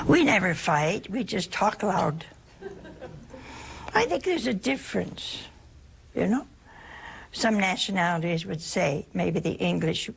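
An older woman from the United States, a religious sister giving an informal spiritual talk in a chatty, anecdotal and gently humorous way. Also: fairly low pitch, lively intonation, slow, gravelly, pauses often, slight background noise.

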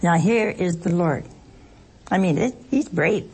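A woman's voice: on the low side, lively intonation, measured pace, a little mellow, breathy edge. A woman giving an informal sermon as a Bible teacher, throwing rhetorical questions and joking asides at her listeners.

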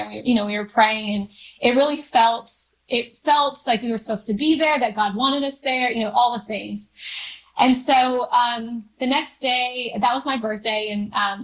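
A woman's voice: a little high, fairly bright tone, poor audio. Woman telling a rambling personal story. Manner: rambling, many fillers and restarts. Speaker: guest.

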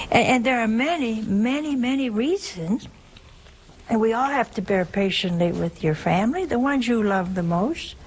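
A woman's voice: on the high side, animated, measured pace, slight background noise, low-quality recording. A woman giving a folksy religious talk, telling stories and asking rhetorical questions. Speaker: religious speaker. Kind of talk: sermon-style talk.

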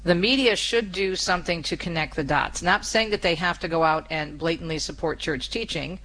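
Brisk upbeat woman radio host. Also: on the low side, a bit bright, low-quality recording. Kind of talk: talk radio monologue.

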